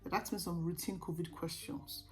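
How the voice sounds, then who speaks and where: A young woman vlogger telling her own story in a casual, animated way, often laughing. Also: fairly low pitch, moderate pace, low-quality recording.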